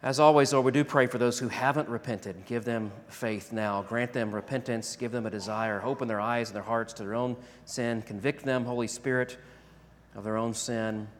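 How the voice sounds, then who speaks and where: A pastor delivering a sermon and closing prayer, rising to loud emphatic declarations and dropping to hushed, slow prayer. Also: male voice, lowish voice, fairly even intonation, a little hiss or hum. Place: church sanctuary. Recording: long reverb of a large hall.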